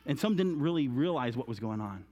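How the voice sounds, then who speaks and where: A man giving a children's sermon in a church, swinging between hushed whispers and excited exclamations, with a reverberant hall sound. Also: medium pitch, a little fast. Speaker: children's minister.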